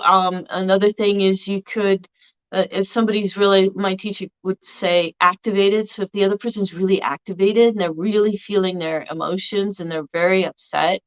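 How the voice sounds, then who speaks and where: A woman's voice: medium pitch, clean tone, dull audio. A woman teaching in a conversational way, with many fillers and restarts. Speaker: spiritual teacher. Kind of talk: casual teaching talk.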